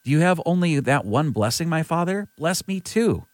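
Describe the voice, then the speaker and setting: A man's voice: a little high, expressive, moderate pace, dry recording, pitched above the performer's own voice, natural voice. A man reading as a cheated, pleading son. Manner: earnest, lightly voiced reading.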